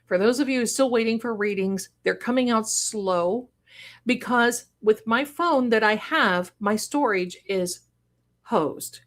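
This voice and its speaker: A woman hosting a casual livestream, reading viewer comments aloud and gushing over them with sudden excited exclamations. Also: fairly high pitch, a little slow. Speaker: livestream host and card reader.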